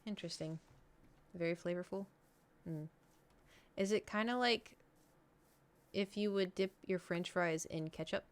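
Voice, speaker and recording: Chatty woman streamer, lowish voice. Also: a little slow, long pauses. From United States. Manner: chatty, animated, rambling. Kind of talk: casual chat with chat.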